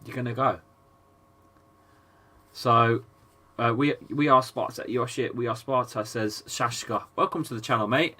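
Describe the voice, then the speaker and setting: An English man with a chesty, slightly rough voice gives a live football watchalong between coughs, reading chat and calling the play. His tone is bright and forward. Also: mid-range voice. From England. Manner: chatty, swears, reads chat aloud between play calls. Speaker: football fan streamer. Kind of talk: casual live watchalong commentary.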